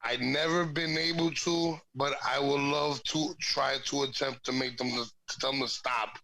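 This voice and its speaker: A man from the Bronx talks as a guest in a casual chat, with a gravelly, bright voice. He is laid-back and laughs easily. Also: medium pitch, steady tone, normal speed, poor audio. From the Bronx, New York. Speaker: guest, pro wrestler.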